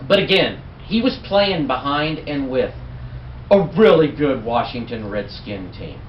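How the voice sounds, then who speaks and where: A man's voice: medium pitch, animated, a little slow, slight background noise. A man co-hosting a casual sports chat, joking and often trailing off mid-sentence. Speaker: co-host. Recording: distant, echoey, muffled home recording.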